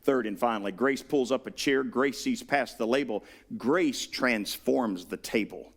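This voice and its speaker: A man with a Southern US accent preaching a sermon, animated, acting out the voices he quotes. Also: medium pitch, a little slow. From Southern United States. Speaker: pastor.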